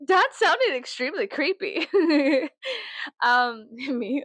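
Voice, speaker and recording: A woman's voice: high-pitched, expressive, normal speed, a bit bright, no echo. A woman in her thirties from South Texas, rambling in a casual, profane, giggly monologue that swings to sarcastic mockery. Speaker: vlogger.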